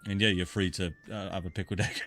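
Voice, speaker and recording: A man's voice: deep voice, little pitch movement, quick pace, a bit bright, slight background noise. A man narrating a tabletop game as dungeon master, loose and rambling.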